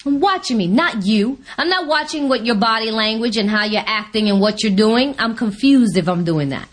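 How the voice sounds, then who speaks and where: A woman giving a personal testimony at a recovery meeting, telling stories in an animated way and acting out her own lines. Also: on the high side, normal speed. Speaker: speaker sharing at a recovery meeting.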